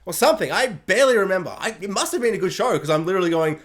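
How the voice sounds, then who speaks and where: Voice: medium pitch, very animated, very fast, a bit bright. A TV reviewer rambling through a casual spoiler recap, full of fillers and acted-out quotes. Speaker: TV show reviewer.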